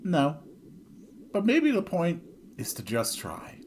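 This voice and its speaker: An earnest young hero speaks gently to encourage someone, as a man reads the part. His voice stays soft and unhurried. It is close to the reader's own voice. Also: a little high, huge pitch swings, slight background noise, full character voice. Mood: gentle. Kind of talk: video game dialogue reading.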